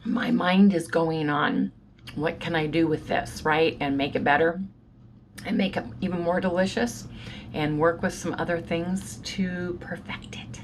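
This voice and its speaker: Middle-aged woman, upbeat casual vlogger talking to viewers, low-pitched, phone mic with noise behind. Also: low-quality recording. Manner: upbeat, talks straight to viewers. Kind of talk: casual chatty vlog. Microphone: handheld phone.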